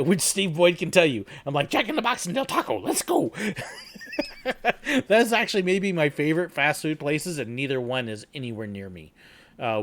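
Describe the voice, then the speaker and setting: A middle-aged man chats from home on a casual livestream, rambling along with plenty of ums and small laughs. His voice sits a little high for a man. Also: fairly bright tone. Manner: rambling and chatty, with many fillers and laughs. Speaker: livestream host.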